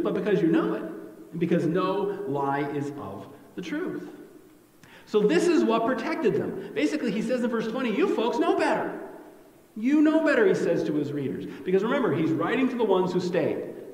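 A man's voice: high voice, darkish tone, reverberant, big-room sound, poor audio. A male pastor preaching an expository sermon in a conversational way, often checking in with "right?".

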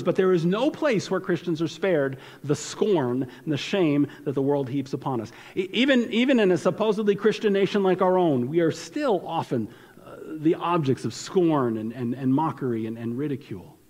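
Man, pastor, earnest sermon, slightly high voice, long church-hall reverb. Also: lively intonation, moderate pace, darkish tone. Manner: earnest, emphatic preaching with frequent restarts.

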